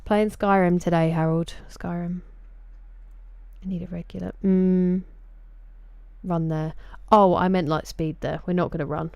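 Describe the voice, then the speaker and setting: Low, mellow Sussex woman streaming. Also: steady tone, a little slow, gravelly, long pauses, smooth, dry recording. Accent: Sussex English. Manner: chatty, greets viewers by name. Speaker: game streamer. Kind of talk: casual live-stream chat.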